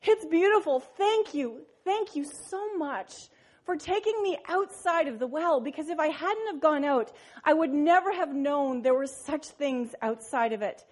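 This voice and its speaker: Woman doing a happy little frog guy, high and eager, begging birds to come see his house. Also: unhurried. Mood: awed delight. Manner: eager, pleading and excited. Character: cheerful little male frog, naive and proud.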